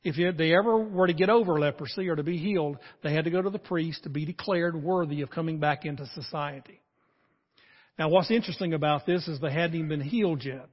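Older male pastor, sermon, animated storyteller, slightly high voice, dull muffled sound. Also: quick pace, in a large hall. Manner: animated storytelling preacher, acting out scripture voices.

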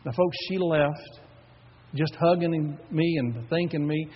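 A pastor with a Texan accent preaching a sermon in a church, telling a story emphatically and swinging from loud to hushed. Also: male voice, fairly high pitch, takes it slowly, slightly rough. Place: church sanctuary. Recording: echoey hall, dull lo-fi audio.

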